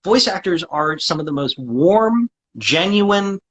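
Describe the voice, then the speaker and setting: Husky, talkative man voice actor. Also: sits high, lively intonation, takes it slowly, fairly bright tone, poor audio. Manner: talkative, with frequent restarts and fillers. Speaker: guest voice actor. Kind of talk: casual interview chat.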